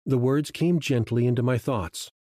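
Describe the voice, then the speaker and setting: A man reading a first-person audiobook in a slow, hushed, measured way. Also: mid-range voice, dry recording, clean studio sound. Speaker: audiobook narrator. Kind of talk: first-person scripted narration.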